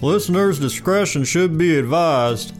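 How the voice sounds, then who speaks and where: A slow, drawling announcer, put on by a man, stretching every word of a mock-serious warning. The voice sits a touch higher than his usual and moves at a crawl. A faint plucked guitar plays underneath. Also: expressive.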